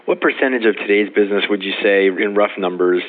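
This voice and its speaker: A man's voice: lowish voice, fast, narrow, tinny audio. A man hosting a podcast interview, chatty and friendly, with many fillers and restarts. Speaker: podcast host. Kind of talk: casual interview.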